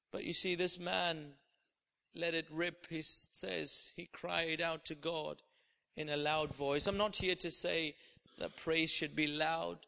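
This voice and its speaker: A high-pitched male preacher with a bright, gravelly edge delivers an impassioned sermon. He moves from hushed prayer to ringing declarations. The sound carries the long reverb of a large hall.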